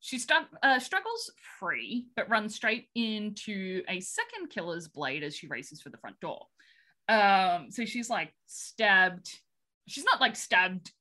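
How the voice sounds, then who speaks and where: A woman's voice: mid-range voice, big pitch swings, takes it slowly, pushed and bright. A woman, chatting casually and laughing often as she recaps a film. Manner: giggly, chatty, many fillers.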